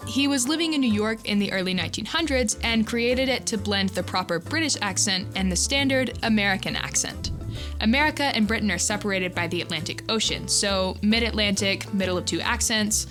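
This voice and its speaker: A woman's voice: mid-range voice, animated, normal speed, music in the background. Conversational woman news reporter. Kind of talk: scripted news narration.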